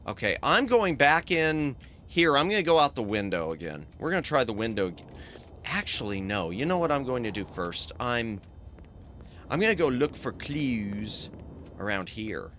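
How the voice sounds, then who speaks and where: A man's voice: medium pitch, big pitch swings, normal speed, fairly bright tone, a little hiss or hum. A man streaming a video game as a VTuber, chatting casually, thinking aloud and thanking his chat.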